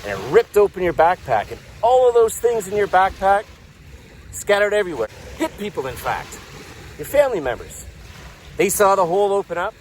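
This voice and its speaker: A man telling a story in a low-key, soft-spoken way while out on a walk by a lake. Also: big pitch swings, normal speed, a little hiss or hum, low-quality recording. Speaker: peer support vlogger. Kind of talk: storytelling to camera. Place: outdoors by a lake.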